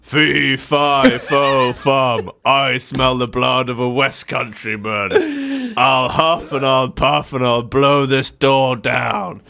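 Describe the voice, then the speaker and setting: A man putting on a booming, giant-like voice, chanting threats slowly at a door. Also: animated, gravelly, pushed and bright, heavily acted. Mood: menacing.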